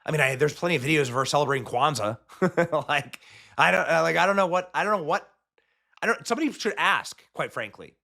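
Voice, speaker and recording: Bright-voiced man in a mocking rant. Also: a little high, expressive, fairly quick, vocal fry. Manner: mocking, emphatic ranting. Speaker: host. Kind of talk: political commentary.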